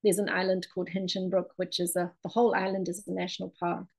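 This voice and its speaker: A woman's voice: on the low side, level tone, fast talker, creaky, low-quality recording. A woman giving a chatty presentation on her art, with many ums and restarts. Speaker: ceramic and mosaic artist presenting her work. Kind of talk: presentation talk.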